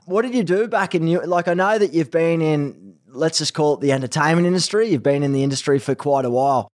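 A young man with an Australian accent hosting a casual podcast interview, energetic and chatty with plenty of slang. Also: on the high side, fairly quick. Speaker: podcast host. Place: Los Angeles.

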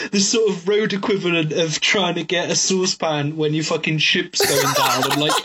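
A man trades stories on a pub podcast, his voice bright and a little husky. He jokes and swears freely, and his pitch sits slightly high. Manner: jokey storyteller, swears freely. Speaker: podcast co-host. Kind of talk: casual banter and anecdotes.

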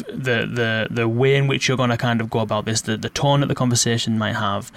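A man's voice: mid-range voice, fairly bright tone. Male host, casual and rambling, mid-range voice. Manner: rambling, restarts with many fillers. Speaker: podcast host. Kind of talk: casual interview questions.

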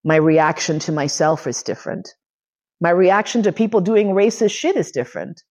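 Low-voiced woman telling blunt stories. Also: moderate pace, a little mellow. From United States. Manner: candid, profane, emotionally charged. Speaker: lecturer and podcast host. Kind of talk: personal storytelling lecture.

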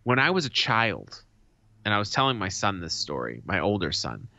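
A man with a low, forceful voice tells a story on a podcast, animated and full of profanity. His voice sits close and dry on the mic. The sound is a little dull and lo-fi. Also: moderate pace, vocal fry, dry recording. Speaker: podcast co-host. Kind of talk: casual chat.

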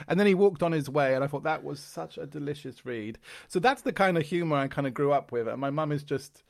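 A middle-aged Irish man, a guest comedian, telling lively stories in conversation and slipping into character voices. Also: fairly high pitch, fast talker, creaky, hardly any pauses. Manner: animated raconteur, slips into character voices. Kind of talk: conversational storytelling.

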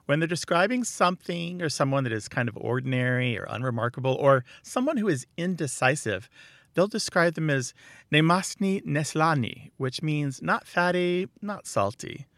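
A man's voice: on the high side, big pitch swings, moderate pace, fairly bright tone, no room sound. A man co-hosting a radio segment, playful and laughing as he shares sayings. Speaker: radio show co-host. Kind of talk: casual radio chat.

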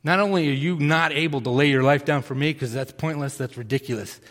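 A man preaching a sermon as a pastor, telling stories in an animated way and acting out the voices of the people in them. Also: fairly high pitch, brisk, in a large hall. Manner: animated storytelling, acts out voices.

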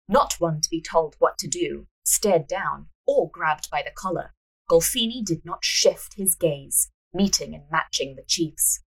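A woman's voice: deep voice, breathy edge, rough recording. A woman hosting a podcast, narrating a story and joking around between reading. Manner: playful, quick asides. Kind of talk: reading a story aloud with banter.

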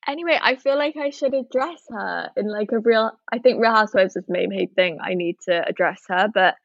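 A woman's voice: medium pitch, brisk, vocal fry, no room sound. A woman co-hosting a casual chat, telling a story with lots of likes and ums. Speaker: podcast co-host. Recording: dull dry sound.

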